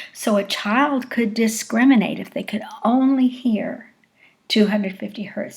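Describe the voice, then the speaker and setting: A woman lecturer explains speech acoustics in a slow, deliberate way. Her medium-pitched voice has a gravelly edge, and she acts out short example phrases as she teaches. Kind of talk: recorded lecture.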